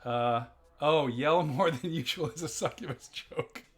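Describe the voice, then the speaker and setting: A man's voice: on the high side, unhurried. A man from Germany hosting a live game stream, chatting casually and rambling between reading chat messages. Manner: chatty, rambling, reads chat aloud and laughs often.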